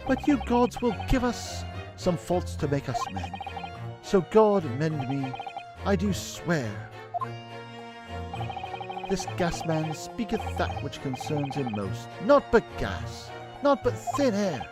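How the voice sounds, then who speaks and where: A man plays a theatrical male witness in a game, declaiming in archaic words. The delivery is slow and grand. Music plays in the background. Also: a little high, very animated, voice pushed up.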